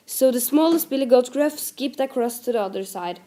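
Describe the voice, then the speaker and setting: A woman's voice: fairly high pitch, animated, moderate pace, dark tone. A woman with a Norwegian accent, her first language Norwegian, reading a fairy tale aloud carefully, with slips.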